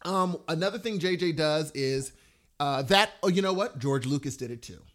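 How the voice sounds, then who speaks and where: A man chatting casually about a film he just saw, rambling and enthusiastic. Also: normal speed. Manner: animated, rambling and enthusiastic, with big pitch jumps. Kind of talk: casual movie chat.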